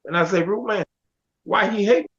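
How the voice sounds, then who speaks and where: Middle-aged man, high voice, animated storyteller who acts out the dialogue, dull lo-fi audio. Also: brisk. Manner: animated, quotes others in dialogue. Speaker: guest telling his life story. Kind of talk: casual storytelling.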